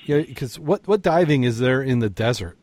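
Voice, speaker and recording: A man's voice: mid-range voice, animated, normal speed, a little mellow, no echo. A man co-hosting a casual podcast. He halts and repeats words, tells corny puns and chuckles at them. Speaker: podcast co-host. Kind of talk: casual chat with corny jokes.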